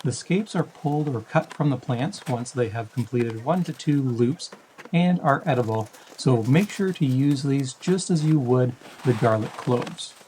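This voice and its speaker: A man hosting a backyard farming channel, reading a scripted voice-over in a measured, explanatory tone. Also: mid-range voice, warm tone, a little hiss or hum, poor audio. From Canada.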